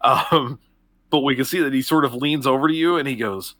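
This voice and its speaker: A man's voice: mid-range voice, fairly quick, pushed and bright, dry recording. A man narrating a tabletop game as game master, in a casual style with lots of fillers.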